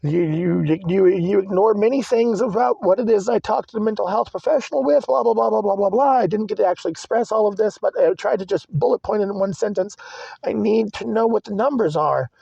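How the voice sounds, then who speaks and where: A man's voice: high voice, a little fast, creaky, mellow, slightly rough, no room sound. A young man venting in a rambling, agitated monologue from inside his car, swearing and repeating himself. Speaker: vlogger. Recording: dry, muffled lo-fi recording.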